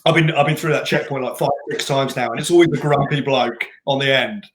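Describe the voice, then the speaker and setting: A man's voice: medium pitch, fairly quick, a bit bright. Rambling male race director, roomy echo. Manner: rambling conversational storyteller. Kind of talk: casual interview chat. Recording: roomy echoing room.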